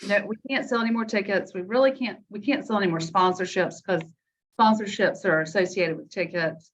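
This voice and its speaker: Guest: chatty woman on a lo-fi call line, mid-pitched, tells stories with asides. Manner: chatty, storytelling with quoted asides. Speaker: guest, health care foundation director. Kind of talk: casual video call chat. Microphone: video call. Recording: dull lo-fi call audio.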